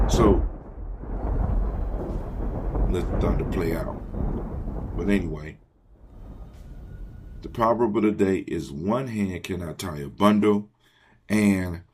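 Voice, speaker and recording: A man's voice: low-pitched, slightly rough. A man hosting a motivational morning talk, leading his listeners in call-and-response and repeating phrases like a preacher. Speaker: host.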